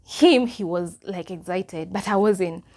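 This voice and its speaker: A young Kenyan woman with a Kenyan accent telling a personal story in a casual, animated way, slipping Swahili phrases into her English. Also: on the low side, a little slow. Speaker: vlogger.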